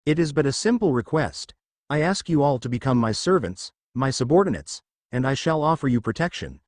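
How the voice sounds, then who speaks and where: A man's voice: very animated, brisk, dry recording, clean studio sound. A man voicing a boastful male storm dragon in slime form, with a grandiose manner and big laughing boasts. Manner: booming theatrical laugh, grandiose. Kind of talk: fan fiction reading.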